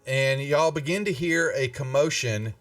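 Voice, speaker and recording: A man's voice: mid-range voice, a bit bright. Guy running a tabletop game, stop-start with lots of ums, kinda far from the mic, faint music. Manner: halting, many fillers and restarts. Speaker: game master.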